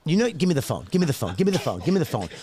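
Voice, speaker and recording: A man's voice: fairly high pitch, big pitch swings, very fast, warm tone. A man co-hosting a podcast, ranting in exasperated casual banter and repeating himself. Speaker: podcast co-host.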